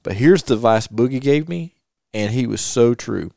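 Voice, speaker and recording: With a warm, animated mid-range voice touched by vocal fry, this man talks at a normal pace in a clean, echo-free studio. He's a middle-aged North Carolina podcaster sharing a personal story in casual conversation, earnestly going over points more than once and retelling advice he received in long quotes.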